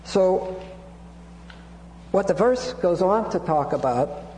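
Man, preacher, teaching sermon, mellow tone, long hall reverb. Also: sits high, animated, takes it slowly. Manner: teaching, digresses with repeated restarts and Greek terms. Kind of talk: expository Bible sermon. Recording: echoey hall with hum.

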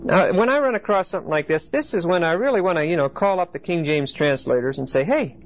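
Speaking quickly with lively intonation and a fairly high voice, a man leads a group Bible study lecture. Faint hiss runs under the dull lo-fi recording as he explains each point and regularly checks in with his listeners.

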